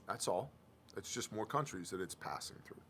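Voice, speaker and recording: A man's voice: lowish voice, expressive, normal speed, fairly bright tone, husky. A man hosting a live stream, reading news aloud and riffing on it with sarcastic, offhand comments. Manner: sarcastic, loose, reads headlines aloud then riffs.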